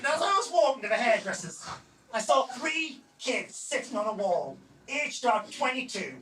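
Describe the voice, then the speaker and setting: A man in his forties performing a stand-up comedy set on a club stage, with a punchy delivery that often breaks into a shout. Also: very high voice, sing-song, normal speed, slight background noise. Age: 40s. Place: comedy club stage before a live audience. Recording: echoey club room miked from a distance, loud crowd laughter.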